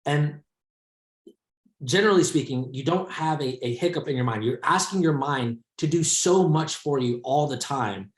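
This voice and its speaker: A man hosts a casual podcast discussion with a mid-range voice. He muses at length and circles back over his own phrases. His voice rings in a roomy, echoey space. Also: mid-range voice. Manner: rambling, reflective, many restarts. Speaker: podcast host. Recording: echoey room.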